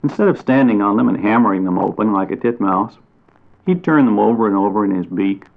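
Man reading a storybook, low gravelly voice, gentle unhurried delivery, tinny phone-like audio. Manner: gentle, unhurried, lingers on descriptive phrases.

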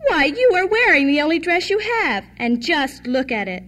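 A woman playing a scornful stepmother, shrill and sharp. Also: sing-song, normal speed, exaggerated voice. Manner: sharp and dismissive. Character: scornful harsh stepmother lady, middle-aged.

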